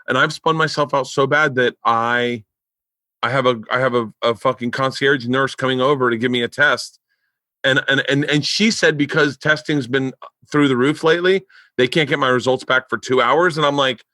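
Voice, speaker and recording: A man, hosting a casual podcast chat and telling stories with loud, high outbursts when he quotes himself. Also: moderate pace, no room sound. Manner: animated storyteller who jumps to loud high outbursts when quoting himself. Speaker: podcast host.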